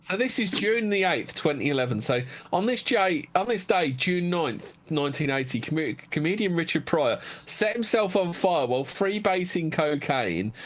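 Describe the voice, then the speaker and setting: A man's voice: on the high side, animated, moderate pace, few pauses, a bit bright. A man, hosting a podcast and telling crude jokes in offhand, stumbling banter. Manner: offhand, stumbling joke delivery. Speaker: podcast host.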